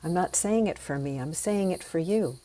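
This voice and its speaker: A woman teaching sound healing, leading slow, soothing breathing and voice exercises. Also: fairly low pitch, animated, mellow.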